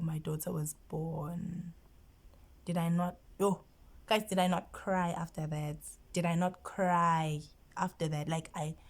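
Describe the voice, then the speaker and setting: A woman's voice: low voice, gravelly, breathy edge. A South African woman vlogger telling a personal story, emotional and often dropping into a whisper. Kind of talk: storytime vlog.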